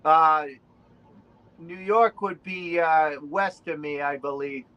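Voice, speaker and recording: A man's voice: a little high, takes it slowly, clear, resonant tone, dull audio. A man with a Boston accent, chatting as a guest on a video call, rambling with plenty of fillers. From Rhode Island. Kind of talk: casual chat on a video call.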